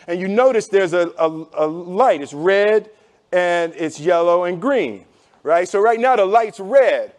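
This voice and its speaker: A man telling a story to a live audience, animated, acting out voices and laughing often. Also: sits high.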